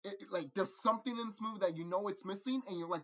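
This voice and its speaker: A man rambling through a casual movie review, profane and animated, laughing often. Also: sits high, fast talker, highs cut off.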